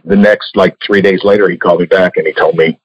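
Low-pitched and fast-talking with fairly even intonation and a slightly rough edge, the former comics editor and artist, an older man, is heard dry and lo-fi. His candid, casual interview answers are full of stories and free swearing.

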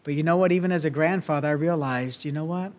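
A man with a Southern US accent delivers a sermon in a notably high voice. His delivery is folksy and earnest, full of small restarts and fillers. He sounds like a grandfatherly pastor talking to his congregation. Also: quick pace.

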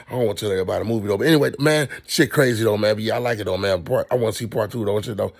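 A man rambling casually through a profane movie review, swinging into loud animated rants. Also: medium pitch, very fast, slightly rough.

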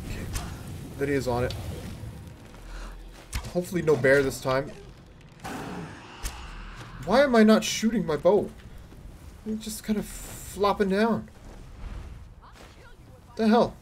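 A man streaming himself playing a game, reacting loudly and swearing at what happens on screen. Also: high-pitched, slow pace, long pauses, slight background noise. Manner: excitable, swearing, shouting at the game. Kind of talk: live gameplay commentary.

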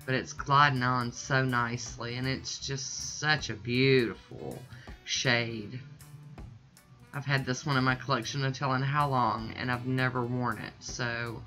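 A woman's voice: rumbling low, fairly even intonation, unhurried, sharp tone, faint music behind. A woman chatting casually through a nail art tutorial, gushing and a little self-deprecating.

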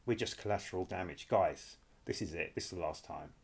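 Middle-aged male reaction host, animated, repetitive, chatty with viewers. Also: low voice, a little fast, creaky, a crowd in the background. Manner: animated, repetitive, addresses viewers as guys and people. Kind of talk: reacting to a clip, commentary.

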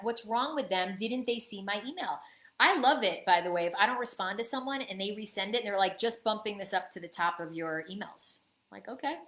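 A woman's voice: medium pitch, pushed and bright, echoey room. A woman business coach giving a live online coaching talk, answering chat questions and acting out little quoted exchanges.

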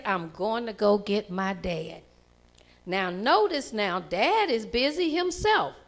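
A woman tells a children's story in a church service. Her voice sits a little high and swings widely as she acts out the scenes. She takes her time, speaking slowly and deliberately. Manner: animated storytelling with lively voice changes.

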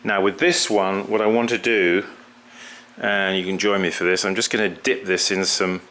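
A man's voice: low voice, flat delivery, pushed and bright. A middle-aged man talking casually through a pottery glazing demonstration, often stopping and repeating words as he works. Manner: halting, repeats words, talks while working.

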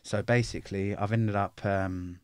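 A man's voice: lowish voice, steady tone, normal speed, darkish tone, clean tone, no echo, clean studio sound. A middle-aged man, telling his life story bluntly in an interview, full of swearing and street slang. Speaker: interview guest.

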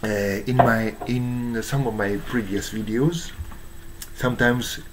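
A man with a Japanese accent, hoarse from strain, giving a halting monologue full of fillers and restarts. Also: medium pitch, fairly even intonation, slight background noise, poor audio. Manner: halting, many fillers and restarts, searching for English words. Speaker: YouTuber. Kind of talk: slow rambling monologue.

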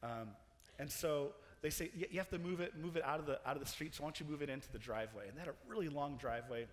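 A young man preaching in a chapel, telling a story with animated energy, laughing and restarting his sentences as he goes. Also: fairly high pitch, fast, a little hiss or hum. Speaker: chapel speaker. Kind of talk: storytelling sermon. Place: large chapel hall. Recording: long hall reverb.

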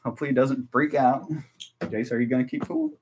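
An American man chatting casually and excitedly on a live stream while tasting snacks. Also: mid-range voice, a little fast, a little hiss or hum. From United States. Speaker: vlogger.

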